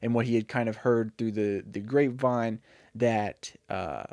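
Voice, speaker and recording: A man's voice: on the low side, measured pace, gravelly, a little mellow, no room sound, studio quality. Rambling, chatty man in a casual podcast. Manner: rambling, chatty, full of fillers and self-corrections. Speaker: podcast co-host retelling a made-up movie. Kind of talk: casual storytelling chat.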